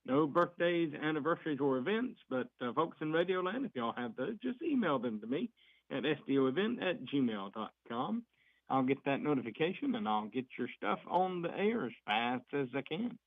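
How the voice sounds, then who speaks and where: Guy reading fire district news, lively voice, dry dull radio sound. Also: fairly high pitch, normal speed, dry recording. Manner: folksy and chatty. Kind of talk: casual radio report.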